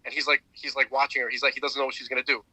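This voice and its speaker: A man's voice: medium pitch, flat delivery, rapid-fire, pushed and bright, slightly rough, no echo, rough recording. A man on a podcast, casually retelling a story with lots of fillers and restarts. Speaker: podcast co-host. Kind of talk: casual chat.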